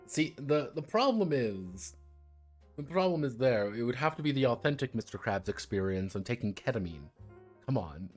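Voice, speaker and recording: A man talks casually on a live stream, wandering from joke to joke and cursing as he goes. His pitch swings up and down a lot, and faint music sits under his voice. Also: very animated, moderate pace. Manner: rambling, joking, swears freely. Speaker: streamer reviewing a tabletop game book.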